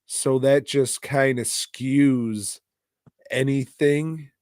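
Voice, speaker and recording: Slow-talking, profane podcast co-host man. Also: mid-range voice, steady tone, darkish tone, clean tone, no echo, clean studio sound. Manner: rambling, profane and exasperated. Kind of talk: casual movie review chat.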